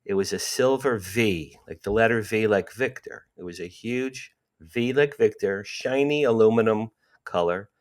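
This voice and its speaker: Animated storytelling man in his sixties. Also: lowish voice, moderate pace. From New Jersey, USA. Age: 60s. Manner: animated, acts out dialogue and repeats for emphasis. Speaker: podcast guest. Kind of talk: storytelling interview.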